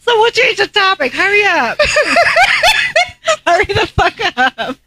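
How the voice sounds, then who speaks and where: A woman's voice: extremely high pitch, wildly swooping pitch, slow pace, pushed and bright. A woman co-hosting a casual podcast, telling stories with frequent giggles. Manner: giggly storytelling, frequent laughter. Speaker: co-host.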